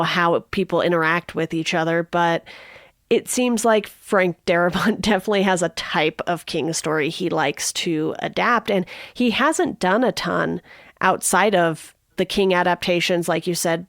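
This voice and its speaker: A woman's voice: fairly low pitch, dry recording, studio quality. A woman co-hosting a podcast, talking steadily and thoughtfully in a casual film discussion. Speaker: podcast co-host.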